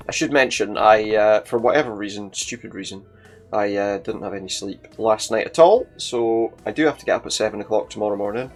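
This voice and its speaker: A man's voice: lowish voice, brisk, soft background music. A young man casually commenting while playing a video game and reading its dialogue aloud. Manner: casual, chatty, reads character lines in varied voices. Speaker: gameplay commentator.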